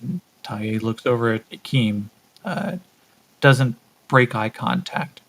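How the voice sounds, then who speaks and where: Husky man narrating a solo tabletop game. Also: mid-range voice, takes it slowly, low-quality recording. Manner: relaxed, thinking aloud with fillers. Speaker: game master.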